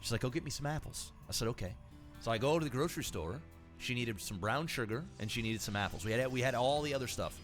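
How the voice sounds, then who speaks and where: A man's voice: mid-range voice, fast talker, faint music behind. A man casting a strategy video game in casual commentary, telling stories with a lot of swearing. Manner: animated storyteller, swears freely. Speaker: game caster.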